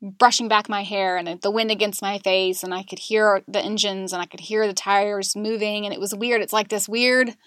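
A woman guest in a podcast interview, candidly recounting a painful personal story in a halting, emotional way. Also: mid-range voice, fairly even intonation, fairly bright tone, dry recording.

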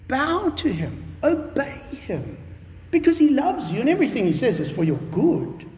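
A man preacher delivering a sermon in an emphatic, animated way, with casual conversational asides. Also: high voice. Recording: long reverb of a large hall.

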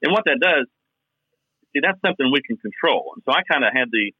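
A man's voice: mid-range voice, expressive, brisk, sharp tone, husky, no room sound. Southern man on a tinny phone line. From Kentucky. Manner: thoughtful, explaining at length. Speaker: podcast co-host. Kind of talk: casual podcast chat.

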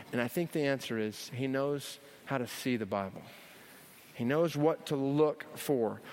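A man preaching a teaching sermon in a church, energetic and emphatic, often repeating key phrases. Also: medium pitch, slight background noise. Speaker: pastor. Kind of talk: sermon teaching on Bible study. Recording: long hall reverb.

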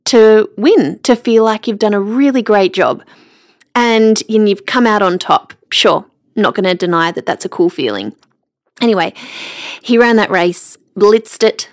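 A woman's voice: mid-range voice, dry recording, clean studio sound. A middle-aged woman hosts a podcast and tells a personal story. She laughs often while she talks. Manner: warm, laughs often while telling stories. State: emotional, near tears. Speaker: podcast host.

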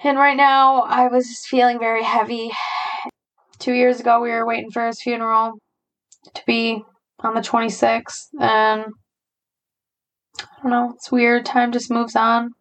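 A young adult woman hosting a podcast, talking through her feelings in a halting, searching way, with frequent sighs and fillers. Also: on the high side, completely flat delivery, rough recording. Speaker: podcast host. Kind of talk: personal reflective monologue.

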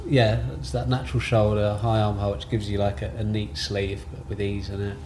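A man talking through how his business began, thinking aloud and often seeking agreement with his partner. His voice sits a little low, and a faint hiss runs beneath it. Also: level tone, a little fast. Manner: thinks aloud, seeks agreement with tag questions. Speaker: tailoring business co-founder. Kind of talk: conversational interview answers.

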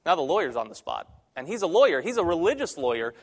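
A man's voice: medium pitch, very animated, quick pace, hardly any pauses. A young man, a church intern, preaching a conversational sermon with self-deprecating humor in a church sanctuary. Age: young adult.

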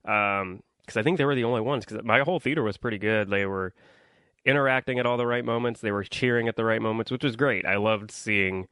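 A man's voice: on the low side, a little fast, fairly bright tone, clear, resonant tone, no echo. A young man hosting a solo podcast, rambling through a casual movie review with lots of ums and likes while complaining about his audience. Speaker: podcast host.

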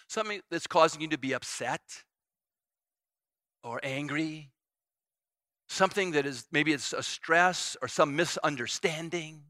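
Bright-toned middle-aged male pastor preaching. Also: on the high side, dry recording. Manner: earnest, repeats phrases, voice rises and falls with emphasis. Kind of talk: sermon.

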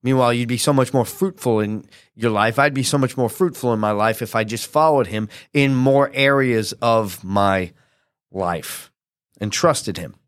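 Speaking at normal speed and a middle pitch, this pastor teaches his sermon conversationally and easily, often throwing tag questions at the audience. He brings quotes to life in an animated way, and the close, dry recording has no echo.

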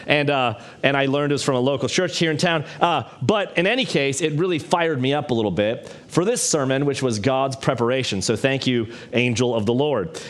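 A man in his twenties or thirties, a pastor, preaching in a church in a conversational, animated way with bits of humor. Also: a little high. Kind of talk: sermon.

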